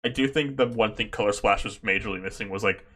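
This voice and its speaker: Bright-voiced man chatting casually. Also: fairly low pitch, quick pace. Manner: rambling, animated, swears casually. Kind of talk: casual chat.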